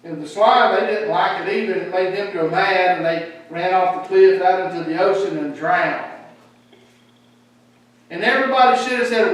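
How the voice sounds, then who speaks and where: Preacher guy, high voice, acts out the quotes, far off mic in a super echoey church. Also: moderate pace. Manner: animated, acts out quoted speech. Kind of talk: sermon.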